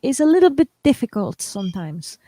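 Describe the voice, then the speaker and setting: High-voiced woman hosting a chat. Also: no echo. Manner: animated storyteller, quick to jump in. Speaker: host. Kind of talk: casual chat.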